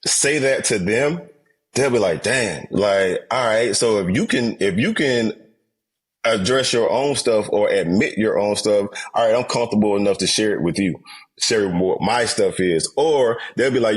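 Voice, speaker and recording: A man's voice: fairly low pitch, moderate pace, slightly rough. A man speaking as a therapist guest on a podcast, earnest and reflective, with casual slang. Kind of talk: podcast conversation.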